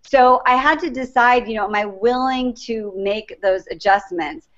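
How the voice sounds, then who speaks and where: A middle-aged woman, a life coach appearing as a guest in an interview, tells her story in an earnest, reflective manner. Her voice sits on the high side and moves at a moderate pace. The recording has a dull, lo-fi quality.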